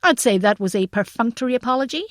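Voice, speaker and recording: A woman's voice: a little high, expressive, fast talker, no room sound, close to an everyday voice. Brief: a woman reading as a stern young farmer with a slight American accent, chiding and clipped, dry close sound.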